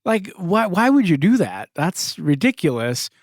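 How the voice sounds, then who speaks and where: A man's voice: sits high, sing-song, unhurried, no room sound, clean studio sound. A man hosting a casual podcast, talking in an opinionated, conversational way and laughing often. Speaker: podcast host.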